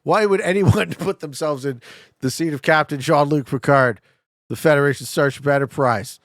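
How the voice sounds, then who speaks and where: A man's voice: a little high, normal speed, no room sound, clean studio sound. A man from Canada streaming a game live, chatting casually and profanely with his viewers and getting worked up over his guesses. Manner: profane, excitable, joking banter with chat. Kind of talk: casual live-stream commentary while playing.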